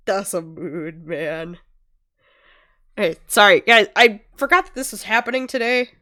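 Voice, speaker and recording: A sick-sounding woman streaming a game, reacting with loud laughing outbursts and swearing. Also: mid-range voice, expressive, measured pace. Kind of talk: casual game stream commentary.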